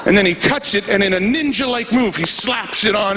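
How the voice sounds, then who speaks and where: A man working a live comedy stage, his speaking voice sitting high for a man. He tells his story with animation, slipping into voices and sound effects. The room's ambience comes through clearly behind him. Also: fairly quick, pushed and bright, a little hiss or hum. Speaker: stand-up comedian. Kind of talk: stand-up storytelling.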